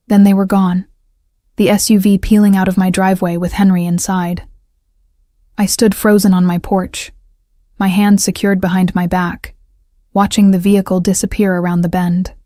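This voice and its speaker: Flat-voiced woman narrating a story. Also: medium pitch, moderate pace, dry recording, clean studio sound. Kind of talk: scripted first-person narration.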